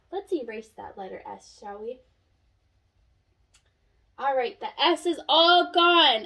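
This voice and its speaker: A young woman teaching a phonics lesson, sounding out letters slowly and praising an imagined class. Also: sits high, fairly bright tone. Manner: slow, sing-song classroom praise and sounding out.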